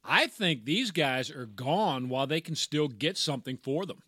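Male podcast co-host, slightly high and bright, dry close sound, rambling delivery. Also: lively intonation, moderate pace, breathy edge, no room sound. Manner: rambling, restarts with repeated words. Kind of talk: casual sports chat.

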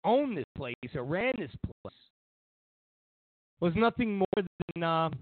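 Male commentary host, lively pitch swings, rambling opinionated monologue, dry thin phone-quality sound. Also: slow pace, a little hiss or hum. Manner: meandering storytelling with many fillers and restarts. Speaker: host of political commentary show.

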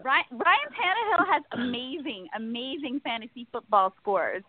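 A woman's voice: high-pitched, animated, normal speed, dry recording. A woman co-hosting a casual sports talk show, giving playful, confident fantasy football tips. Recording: tinny phone-like audio with music.

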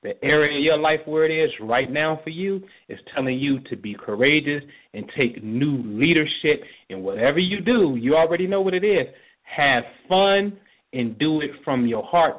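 A man's voice: mid-range voice, moderate pace. A man hosting a call-in astrology show, giving readings in an emphatic, preachy way and often checking in with "right?". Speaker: astrologer host. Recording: tinny phone-line sound.

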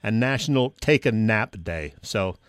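A man co-hosting a casual sports radio chat, relaxed and jokey as he tells stories. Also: fairly low pitch, measured pace, clean tone. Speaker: co-host.

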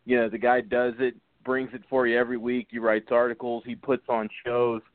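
A man's voice: mid-range voice, little pitch movement, a little fast, no room sound. A male co-host of a radio show, talking casually and backing up his partner. His voice comes through dry and narrow, like a phone call. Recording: dry phone-line audio.

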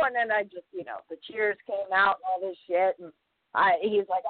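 An actress telling a story in casual podcast chat, acting out the quotes and swearing freely. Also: female voice, medium pitch, moderate pace, no echo, phone-quality sound. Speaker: actress guest.

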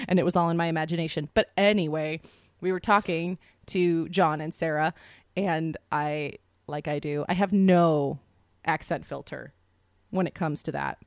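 Animated woman telling a story, dry sound. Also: sits low, dry recording. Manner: animated, quick storyteller, acts out quotes. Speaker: podcast co-host. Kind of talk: casual storytelling chat.

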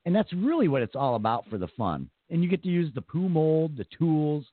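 A man's voice: a little high, sing-song, brisk, no room sound, narrow, tinny audio. A man hosting a radio talk show in casual, joking chat, often laughing and mocking.

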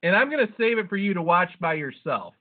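A man with a high voice tells a rambling, profanity-laced story in casual podcast chat. He sounds tinny and narrow, as if heard over a phone line. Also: very animated, fast talker. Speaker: podcast host.

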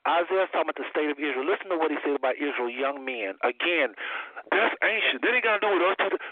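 A man hosting a call-in show who teaches from the Bible, preaching emphatically and swinging his voice high and low. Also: lively intonation, quick pace, no room sound. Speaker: host. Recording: tinny phone line.

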